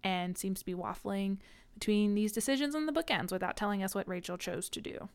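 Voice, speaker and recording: A young woman co-hosting a podcast, chatting casually about a book, animated and laughing, swearing freely. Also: medium pitch, a little fast, clear, resonant tone. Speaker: podcast co-host. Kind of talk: casual book discussion chat.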